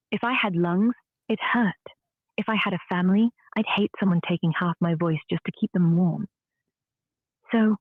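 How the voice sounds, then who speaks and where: A woman's voice: mid-range voice, no echo. A woman's AI voice with a British accent, chatting in a witty, dry, frank way. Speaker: AI voice assistant. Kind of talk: conversational chat. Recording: tinny phone-like audio.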